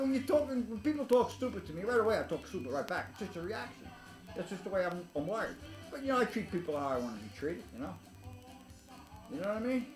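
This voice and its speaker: A man's voice: sits high, darkish tone. Foul-mouthed guy rambling thru old stories, laughs at himself, roomy echo, faint music behind. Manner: blunt, swears constantly, laughs at his own stories. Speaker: vlogger telling stories. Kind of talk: rambling profane storytelling. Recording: echoey room.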